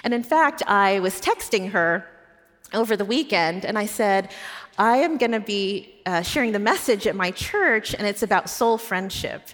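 A woman's voice: medium pitch, lively intonation, normal speed. Woman pastor preaching in a reverberant hall. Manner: personal storytelling, warm and earnest. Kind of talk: sermon. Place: church.

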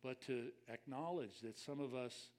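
A man's voice: medium pitch, unhurried, a little mellow. An older man preaching a conversational sermon as a pastor, reflective and personal, speaking straight to his listeners.

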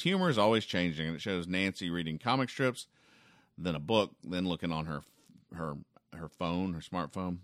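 A man hosting a podcast where he reads comic strips aloud and comments on them, with deadpan, wry asides and frequent ums. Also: deep voice, no room sound, studio quality. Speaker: podcast host.

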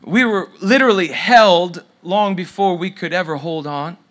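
This middle-aged pastor has a high, fairly bright voice and keeps a moderate pace. He preaches through a story, letting his voice fall to a near whisper when it turns tender.

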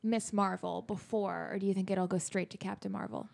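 A woman's voice: medium pitch, steady tone, fairly quick, gravelly, darkish tone. A woman co-hosting a podcast, answering matter-of-factly and teasing the others. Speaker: podcast co-host. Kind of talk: casual group chat.

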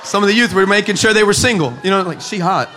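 A man from El Paso preaching a comic storytelling sermon, animated and sarcastic, with many stammered restarts. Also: high-pitched, very fast, noisy background. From El Paso, West Texas, USA. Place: church.

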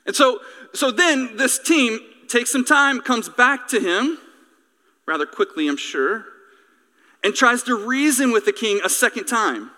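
Male pastor, sermon, animated and joking, bright voice, echoey hall. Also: extremely high pitch, a little slow.

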